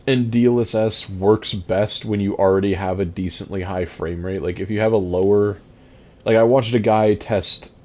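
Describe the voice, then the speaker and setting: A man's voice: on the low side, dark tone. A man streaming a game, chatting casually and rambling as he reads and answers his chat.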